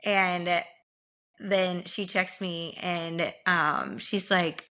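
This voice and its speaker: Bright, animated woman telling a story. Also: lowish voice, moderate pace. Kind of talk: casual podcast storytelling.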